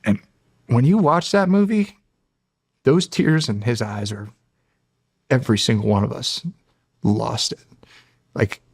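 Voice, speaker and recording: Male, 40s, podcast guest. Low and gravelly, rambling storyteller who restarts a lot, dry studio sound. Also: measured pace, long pauses, no room sound. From United States. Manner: rambling and emotional, with many restarts. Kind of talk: casual storytelling.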